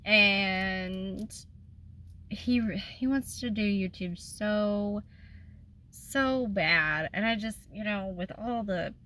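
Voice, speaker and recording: A woman's voice: medium pitch, bright, forceful tone. Tearful rambling woman vlogger. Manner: rambling and emotional, trails off and restarts. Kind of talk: casual personal vlog.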